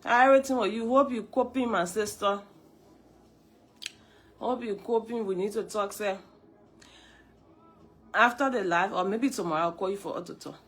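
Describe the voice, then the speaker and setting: A woman with a Liberian English accent, hoarse from a cold, hosting a live stream, greeting viewers and repeating her points emphatically. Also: mid-range voice, normal speed, long pauses, a bit bright, soft background music.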